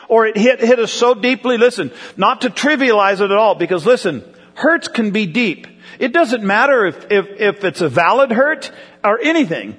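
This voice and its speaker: Man, high voice, preaching a chatty sermon and questioning the congregation, long church-hall reverb. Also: very animated, normal speed, fairly bright tone, slightly rough. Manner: conversational, asks the congregation questions. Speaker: pastor.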